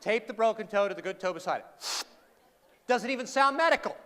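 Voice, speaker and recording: A man's voice: high-pitched, lively intonation, a little fast, a bit bright. A keynote speaker, a man, telling a comic story to a live audience, wry and sarcastic, teasing the crowd. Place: large hall before an audience. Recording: live hall recording with long reverb.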